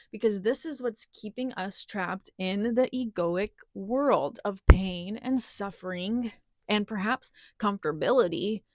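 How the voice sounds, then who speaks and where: A woman's voice: on the high side, no room sound, clean studio sound. A woman giving an impassioned spiritual talk to camera, earnest and emphatic, acting out the doubting voice of her listener. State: out of breath. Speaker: spiritual teacher.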